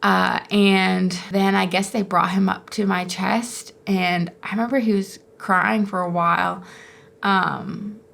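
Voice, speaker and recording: A young woman talks through a personal story in a relaxed, rambling way, dropping in "like" and little laughs. Her voice sits at a middle pitch with a noticeable vocal fry running through it. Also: slow pace. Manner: chatty, full of "like" and fillers, laughs often. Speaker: vlogger sharing her birth story.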